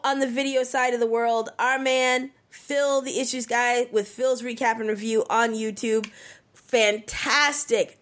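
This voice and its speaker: A woman's voice: fairly high pitch, a bit bright. A woman co-hosting a podcast, reading out upbeat, chatty plugs at the end of a show, sometimes singing a word. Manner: upbeat, chatty, sings some words. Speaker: podcast co-host. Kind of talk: casual show outro with plugs.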